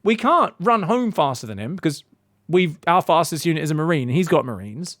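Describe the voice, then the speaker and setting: A man's voice: fairly high pitch, big pitch swings, a little fast, a bit bright, no room sound, studio quality. A man casting a strategy game in casual, sarcastic commentary, rambling into profane jokes. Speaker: game caster.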